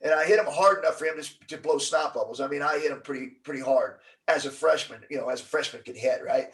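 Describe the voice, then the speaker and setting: A middle-aged man telling a story as an interview guest, acting out the quotes with lively energy. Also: a little high, fast, distant mic, rough recording. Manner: animated storyteller, acts out quotes.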